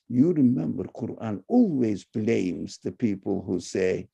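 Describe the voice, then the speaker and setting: Gravelly, emphatic man lecturing. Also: expressive, unhurried, hardly any pauses. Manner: emphatic, loud high-pitched bursts. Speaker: religious lecturer. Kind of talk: online lecture with Q&A.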